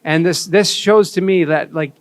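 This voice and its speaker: A man's voice: high-pitched, moderate pace, no room sound. A man giving a candid, self-deprecating storytelling talk as a conference speaker, on a stage.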